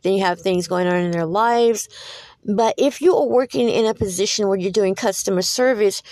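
Animated preachy woman podcast host. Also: a little high, no echo. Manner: preachy, animated storytelling with frequent fillers and repeats. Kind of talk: solo podcast monologue.

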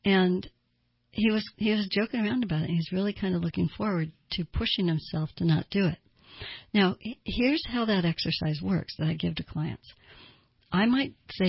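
A woman's voice: fairly low pitch, moderate pace, vocal fry, slightly rough, no echo. A woman therapist giving advice in an earnest way, asking listeners pointed rhetorical questions. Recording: dull lo-fi dry recording.

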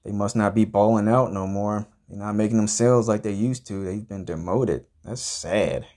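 A man hosting a comedy podcast, telling a crude, profane story in a rambling, deadpan way and grumbling about everything. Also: fairly low pitch, normal speed. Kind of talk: improvised comedic monologue.

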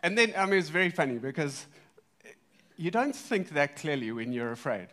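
A man preaching a sermon, telling a story in a lively way, swinging between loud and soft. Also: on the high side, normal speed. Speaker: pastor.

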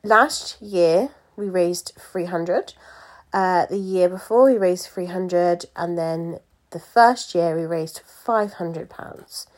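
A woman's voice: on the low side, slow. A young woman, a pageant coach, talking candidly to her followers in a casual, chatty monologue full of fillers and asides. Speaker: pageant coach and event organiser.

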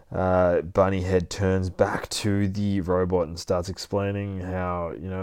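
A man's voice: low-pitched, flat delivery, moderate pace, few pauses, a little mellow, clean tone, no echo, clean studio sound. A man hosting a comic book podcast, recapping a comic in a casual, profane, chatty way and adding his own sound effects. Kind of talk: casual comic read-through.

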